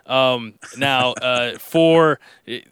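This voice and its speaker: A man hosting from a studio booth with headphones on. His voice is bright and cleanly resonant, with a dry, close sound. He talks in a joking, rambling way and often restarts his sentences. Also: mid-range voice, very slow, clean tone, no room sound. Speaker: radio host. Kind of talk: casual recorded chat. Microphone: studio mic with headphones.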